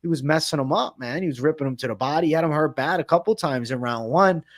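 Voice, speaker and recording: A man's voice: on the high side, fast, no echo, studio quality. A man hosting a betting podcast, talking fight picks in a loose, joking, slangy way. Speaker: MMA betting podcast host. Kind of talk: casual fight-picks chat.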